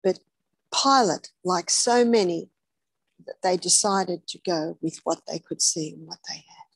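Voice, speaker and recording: A woman's voice: fairly low pitch, unhurried, creaky, slightly rough, no echo. A woman preaching a sermon, telling the story dramatically, dropping to whispers and then rising with emphasis. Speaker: health speaker preaching.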